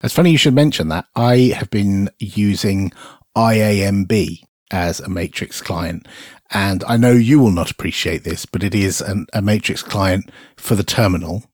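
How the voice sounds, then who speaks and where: A man's voice: lowish voice, normal speed, a little mellow, dry recording, studio quality. A man co-hosting a podcast, chatting casually and playfully, often joking and laughing. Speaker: podcast co-host. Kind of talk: casual tech chat.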